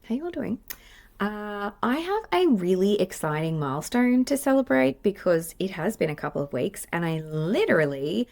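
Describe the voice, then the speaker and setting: Speaking at a moderate pace with few pauses, an Australian woman in her forties hosts her solo podcast in chatty, effusive, rambling talk. She's a play therapist, and her medium-pitched voice is sing-song, creaky and a little mellow on the podcast microphone.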